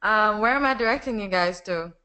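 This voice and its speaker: A woman's voice: mid-range voice, clean tone. A woman with a Jamaican accent, a voiceover artist talking casually and animatedly about her work. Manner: animated, quick chatty explanations. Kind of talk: casual conversation.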